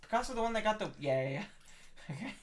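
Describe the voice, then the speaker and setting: A woman's voice: mid-range voice, lively intonation, fast, a little hiss or hum. A woman co-hosting a podcast in casual chat, joking and rambling with crude humor. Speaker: podcast co-host.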